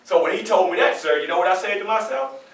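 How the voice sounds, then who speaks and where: A man performing as Frederick Douglass, telling his story in the first person with animated, often shouted storytelling to a live audience. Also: high voice, fast, far from the mic, pitched below the performer's own voice. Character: Frederick Douglass, a defiant young man escaping slavery. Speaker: historical portrayer. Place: public library event room. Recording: echoey room, mic from afar.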